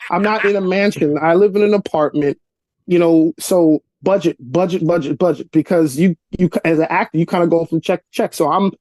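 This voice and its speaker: A man from Brooklyn spins a story on a video call, his voice mellow and dark in tone. The sound is dry, with no room around it. He acts out the people in his story, jumping higher as he does. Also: brisk, no echo. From Brooklyn, New York. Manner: animated storyteller, acts out dialogue with rising pitch. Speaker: actor and comedian guest. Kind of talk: casual storytelling interview. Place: cluttered apartment room.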